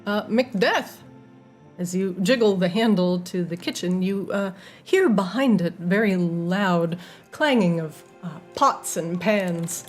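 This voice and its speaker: A woman's voice: on the low side, takes it slowly, faint music behind. A woman narrating and explaining the rules as game master of a tabletop role-playing game, chatty with many fillers.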